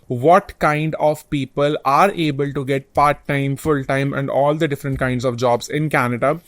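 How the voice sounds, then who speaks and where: A man's voice: medium pitch, fairly even intonation, normal speed, no echo. A man hosting an advice channel, explaining study-abroad options earnestly and point by point. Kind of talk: direct-to-camera advice talk.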